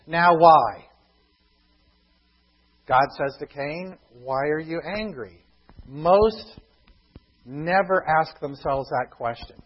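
A man preaching a sermon as pastor, earnest and emphatic, dropping to a hushed tone on key points. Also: a little high, slightly rough, lo-fi sound.

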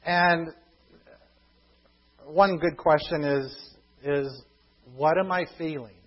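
Husky guy preaching, kinda high voice, dull lo-fi sound. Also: slow. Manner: earnest preaching, swings between emphatic and hushed. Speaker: pastor. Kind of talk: sermon.

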